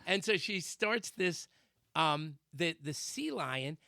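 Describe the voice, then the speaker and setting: A man co-hosting a talk radio show, telling a comic story with sound effects and shouted quotes. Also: fairly high pitch, animated, slow pace, gravelly, no room sound, clean studio sound. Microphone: studio microphone.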